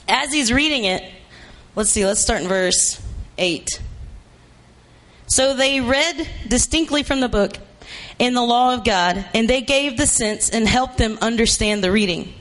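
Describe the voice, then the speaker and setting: A woman preaching a sermon in an emphatic, repetitive way, often rising to shouts. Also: fairly high pitch, slow, pauses often.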